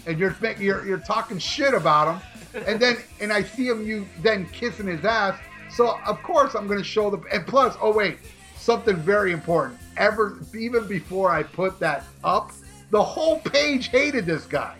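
Podcast co-host, man, rambling and profane, bright forceful tone, slightly high voice, faint music behind. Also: moderate pace. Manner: animated, profane, rambling with restarts. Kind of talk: casual podcast storytelling.

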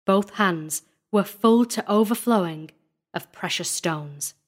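A woman narrating a gothic horror story as a dramatic audiobook reading, measured and building tension. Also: mid-range voice.

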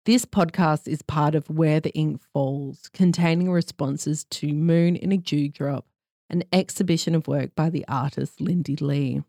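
A podcast host reading a scripted introduction in a clear, formal way. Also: medium pitch, fairly even intonation, unhurried, dark tone, dry recording, clean studio sound.

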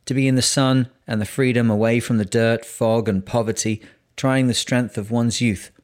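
A man narrating a seafaring memoir in a steady, measured reading voice. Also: mid-range voice. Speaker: audiobook narrator.

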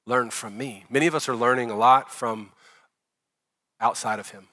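Bright-voiced male pastor preaching. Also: medium pitch, steady tone, normal speed. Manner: conversational preaching, rising loud for emphasis then dropping soft. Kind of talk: sermon.

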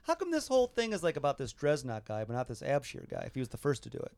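A man with a clear, smooth mid-range voice co-hosts a podcast in casual chat. He asks lots of questions and talks quickly, with many "like"s. The sound is dry and close. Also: medium pitch, wildly swooping pitch, a little mellow, no echo. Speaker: podcast co-host.

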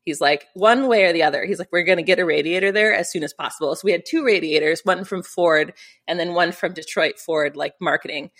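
Middle-aged woman interviewee, slightly low voice, animated storyteller. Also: brisk. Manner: animated, acts out quotes, many fillers. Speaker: rally competitor.

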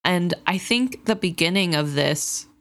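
A woman with a notably low voice, co-hosting a podcast about a book. She talks in an analytical, reflective way. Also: lively intonation, unhurried, a bit bright. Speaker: podcast co-host. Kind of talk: book discussion.

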